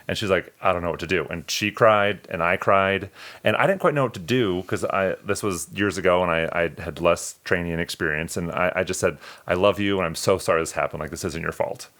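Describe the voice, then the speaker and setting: A man's voice: sits low, a little fast, fairly bright tone. A male podcast co-host telling personal stories in an earnest, emotional way, often restarting his sentences. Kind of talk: personal storytelling in conversation.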